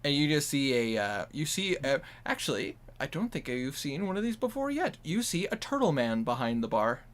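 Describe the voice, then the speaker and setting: A man's voice: on the high side, big pitch swings, moderate pace. A man with a Minnesotan accent, narrating a tabletop game as game master in a rambling, casual way. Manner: rambling, casual descriptions with many fillers.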